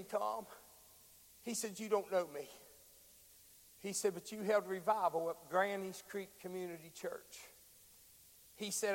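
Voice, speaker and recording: A man preaching a sermon, moving from quiet storytelling to shouted preaching. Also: high voice, big-room sound.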